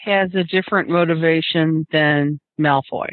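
Higher-voiced man, animated, over a phone line. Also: a little slow, dry recording. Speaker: podcast co-host. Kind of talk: casual book discussion.

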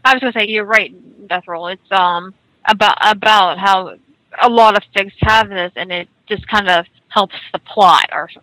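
Bright-voiced woman chatting on a podcast. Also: medium pitch, moderate pace, no room sound, poor audio. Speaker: podcast co-host. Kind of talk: casual discussion.

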